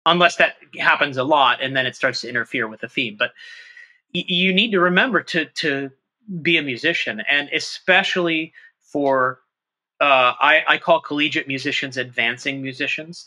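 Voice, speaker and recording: A middle-aged man, a trumpet professor, talking through his ideas in an interview, animated and thinking aloud with quick restarts. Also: a little high, poor audio. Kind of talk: conversational interview.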